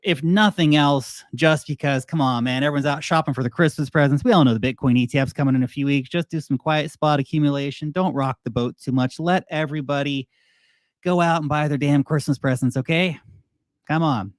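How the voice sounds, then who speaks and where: An Australian man hosting a casual crypto market show, animated and joking, often mimicking investors. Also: fairly high pitch, brisk, no room sound, clean studio sound. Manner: animated, joking, mocks investors in put-on voices. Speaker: crypto video host.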